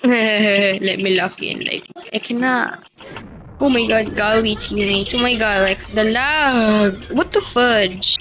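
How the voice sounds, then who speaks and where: A young woman giving excitable live commentary on her game, full of exclamations and complaints about lag. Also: medium pitch, slow. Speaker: gamer streaming her match. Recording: dull lo-fi recording with noise and clicks.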